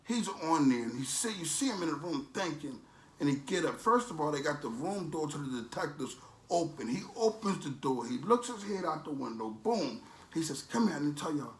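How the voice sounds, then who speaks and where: A man's voice: a little high, big pitch swings, moderate pace, roomy sound. A man ranting in a preachy, motivational way as a vlogger, with emphatic, streetwise, repetitive phrasing. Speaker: vlogger promoting a supplement.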